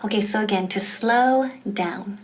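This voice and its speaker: A woman teaching English to Spanish speakers, saying example phrases slowly and carefully. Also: medium pitch, very noisy. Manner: slow, carefully enunciated examples. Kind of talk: bilingual language lesson.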